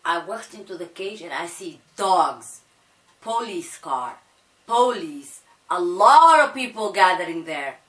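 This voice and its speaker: A young woman telling a painful personal story in a halting way, repeating phrases as her voice breaks. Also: lowish voice, big pitch swings, fairly bright tone. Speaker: vlogger. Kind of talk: emotional storytime monologue. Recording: echoey room, voice a bit far from mic.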